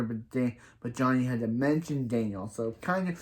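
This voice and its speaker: A man's voice: medium pitch, normal speed. A man casually recapping a TV season, rambling with lots of fillers and restarts. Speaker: show recap reviewer.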